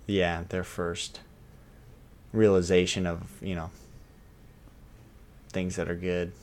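A man co-hosting a podcast, chatting in a relaxed way and cheering his partner on with short interjections. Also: low-pitched, takes it slowly. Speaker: podcast co-host. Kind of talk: casual chat.

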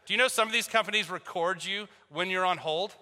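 This pastor's voice is high-pitched, brisk and sharp as he delivers a sermon in a church hall full of long reverb. His story includes a phone call where he plays both parties, adding jokes.

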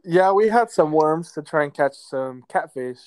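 A man co-hosting a casual podcast, laid-back and drawn-out, with many ums. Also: a little high, expressive, darkish tone. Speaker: podcast co-host. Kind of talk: casual chat. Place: lives in a southern US metro area.

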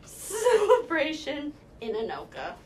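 Giggly young woman, higher voice. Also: huge pitch swings, slow pace, slight background noise, poor audio. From Minnesota. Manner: giggly, rambling, lots of fillers. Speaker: podcast co-host. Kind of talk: casual storytelling chat.

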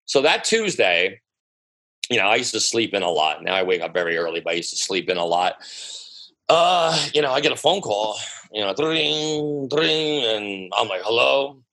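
American man, guest DJ, New sound, bright voice, animated storyteller who swears freely, casual interview telling. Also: lowish voice, fairly quick, low-quality recording. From United States. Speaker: guest DJ and producer.

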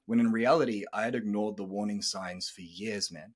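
A man's voice: on the low side, fairly even intonation, moderate pace. A man in his thirties hosting a podcast, telling a personal story in a candid, earnest way and swearing casually. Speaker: podcast host.

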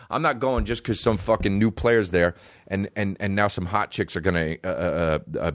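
A man's voice: on the low side, a bit bright, dry recording, clean studio sound. A young adult man hosting a comedy podcast, riffing in a profane, ranting monologue.

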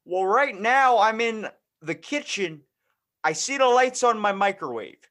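Improv: man doing a folksy senile dad, bumbling about tech, raised pitch and volume. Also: big pitch swings, unhurried, fairly bright tone, heavily acted. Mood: bumbling cheerful. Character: senile old dad, clueless about tech, football fan. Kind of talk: improvised comedy scene.

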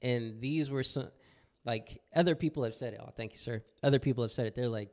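A man's voice: mid-range voice, brisk, darkish tone. A young man who works with kids at a clinic, chatting casually and earnestly, often repeating himself. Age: young adult. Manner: earnest, repeats phrases, frank. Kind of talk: casual chat.

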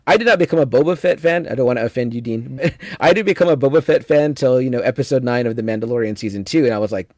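A man hosting a podcast in a relaxed, casual way, reading viewer comments aloud between questions. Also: mid-range voice, quick pace, few pauses, no room sound, studio quality. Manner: laid-back, reads viewer chat aloud, many fillers. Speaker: podcast host.

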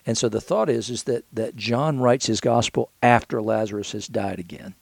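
Man, pastor, gravelly voice, dry close sound, conversational Bible teaching, halting restarts. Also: fairly low pitch, darkish tone, no echo. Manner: thinks aloud, frequent restarts and repeated words.

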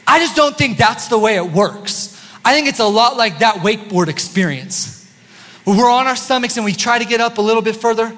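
A high-pitched man preaches a sermon to his congregation, easy and playful as he teases listeners between points. His voice carries through a large sanctuary with a long, ringing reverb. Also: lively intonation, fairly quick, a bit bright. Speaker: pastor. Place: church sanctuary. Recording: long church-hall reverb.

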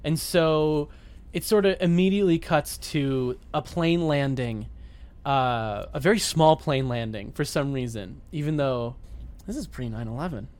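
A man's voice: fairly high pitch, unhurried, darkish tone. A man co-hosting a podcast, recapping a movie in casual chat, giggly and rambling with many restarts. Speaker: podcast co-host.

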